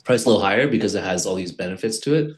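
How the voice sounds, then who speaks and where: A man, a company head, demoing his product as a podcast guest, halting and restarting his sentences. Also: fairly low pitch, expressive. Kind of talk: casual product demo in an interview.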